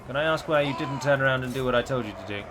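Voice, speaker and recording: A man's voice: mid-range voice, racing, noisy background. A man commenting on his own strategy game, chatty and wry, asking his units what they are doing. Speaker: gameplay commentator.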